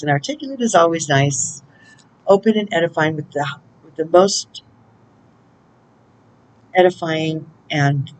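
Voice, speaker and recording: A woman's voice: sits low, a little hiss or hum, rough recording. A woman giving a casual spiritual oracle reading, chatty and laughing often as she greets angels aloud. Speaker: intuitive oracle card reader.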